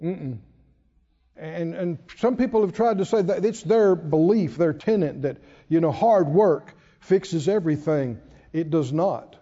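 A man's voice: fairly high pitch, unhurried, dark tone, long reverb tail, dull audio. A man preaching a sermon, asking the congregation questions and repeating key phrases for emphasis. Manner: preacherly call-and-response, emphatic repetition. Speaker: pastor.

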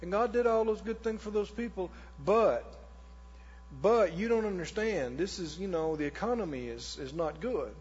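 A man's voice: a little mellow, breathy edge. A man acting out a discouraged churchgoer who hesitantly makes excuses. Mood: resigned. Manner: hesitant, halting, low and subdued. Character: discouraged adult doubter in a congregation, making excuses. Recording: echoey hall, dull lo-fi sound.

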